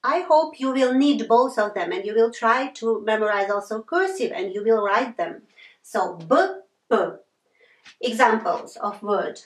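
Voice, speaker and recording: A woman teaching a pronunciation lesson, slowly naming letter sounds in pairs and repeating example words. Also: on the high side. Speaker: language teacher. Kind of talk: slow classroom pronunciation lesson. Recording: echoey room from far off.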